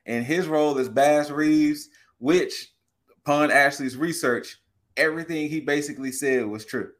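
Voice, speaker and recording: A man's voice: on the high side, normal speed, fairly bright tone. A man co-hosting a casual movie review chat, talking with gushing enthusiasm. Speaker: podcast co-host.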